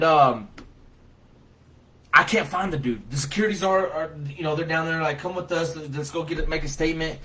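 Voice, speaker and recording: A man telling a personal story to camera in a casual, colloquial way, getting loud when he acts out what he said. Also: on the high side, low-quality recording. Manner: animated, loud when reenacting his own words, colloquial with "y'all".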